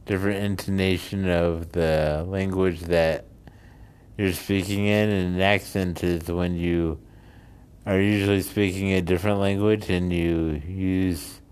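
A man's voice: deep voice, darkish tone, clear, resonant tone. A man from the United States telling a casual story and rambling into musings. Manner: rambling, drifts between anecdote and musing.

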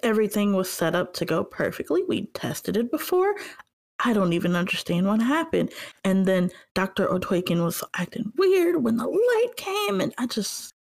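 A woman's voice: mid-range voice, sing-song, normal speed, vocal fry, a little mellow. A woman playing a tabletop game, anxious and fretting, often stammering. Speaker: player. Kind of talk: tabletop role-play.

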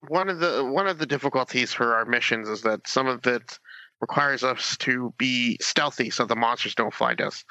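A man's voice: mid-range voice, pushed and bright, dry recording, lo-fi sound. A man as a player in a tabletop game, speaking politely and earnestly in character. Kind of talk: tabletop role-play.

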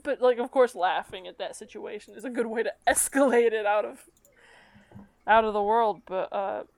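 A woman's voice: mid-range voice, no room sound. A young woman co-hosting a casual talk show, telling a work story in a rambling way with fillers and frequent laughs. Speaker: podcast co-host.

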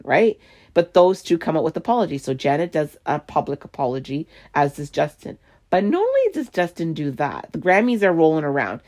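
A woman's voice: low voice, big pitch swings, normal speed, a little mellow. A woman hosting a solo podcast, ranting heatedly and swearing a lot. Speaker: podcast host.

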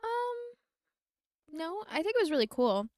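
A woman's voice: extremely high pitch, big pitch swings, slow, darkish tone, no room sound, clean studio sound. A young woman co-hosting a podcast, chatting casually and upbeat in a friend's bedroom, with lots of "like". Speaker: podcast co-host. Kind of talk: casual chat.

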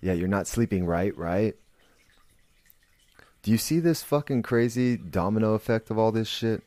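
A man's voice: lowish voice, moderate pace, mellow, no echo. A man hosting a podcast, talking in a blunt, profane, rambling monologue full of restarts. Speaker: podcast host. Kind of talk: casual monologue.

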